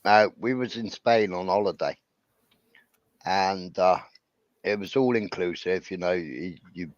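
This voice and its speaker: A man's voice: deep voice, a little slow, no echo. A man tells a casual, rambling story, often adding "right?" and "you know". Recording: dull lo-fi sound.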